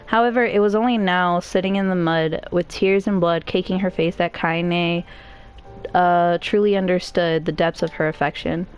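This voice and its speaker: A woman streamer reads a novel aloud in a casual, easygoing way, dropping in joking asides. Her voice sits somewhat low. Soft music plays faintly behind her. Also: fairly even intonation, normal speed, clean tone.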